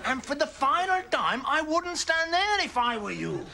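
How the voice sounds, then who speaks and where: A man's voice: very high voice, very animated, normal speed, vocal fry, heavily acted. An actor playing a boastful, bossy middle-aged British Pakistani father with a Pakistani accent, on a noisy sitcom soundtrack. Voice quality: boastful, bossy, self-satisfied.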